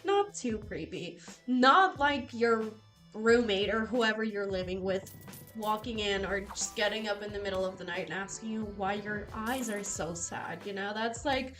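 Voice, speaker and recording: A young woman chatting casually with live viewers, telling stories with animated, loose delivery and casual swearing. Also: mid-range voice, moderate pace, soft background music. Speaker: casino streamer.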